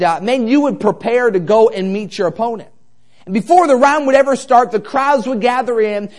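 Brief: male preacher with a high voice, chatty storyteller who builds to fervent appeals. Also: darkish tone. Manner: storytelling, conversational, jokey then exhorting. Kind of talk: sermon.

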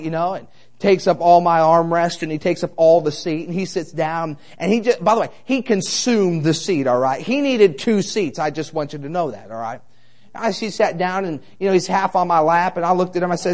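High-voiced storytelling preacher man. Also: normal speed, darkish tone. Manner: storytelling, conversational, jokey then exhorting. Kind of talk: sermon.

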